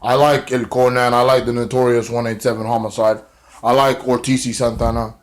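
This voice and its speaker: A man's voice: mid-range voice, level tone, fairly quick, slight background noise. A man recapping a wrestling show in a rambling, casual way, full of fillers and swearing.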